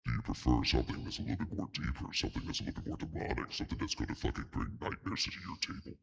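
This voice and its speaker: A menacing demonic growl, pitched down to the very bottom. It sounds husky and gravelly, rolling along at a quick clip. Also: male voice, expressive, fairly bright tone, full character voice. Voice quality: raspy, gravelly. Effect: voice changer pitched down.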